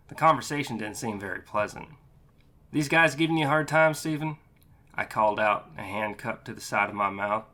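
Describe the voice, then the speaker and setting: A man narrating a gritty first-person audiobook. His lowish voice is bright and forceful, and he reads at an even, matter-of-fact clip. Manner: steady, matter-of-fact, casually profane.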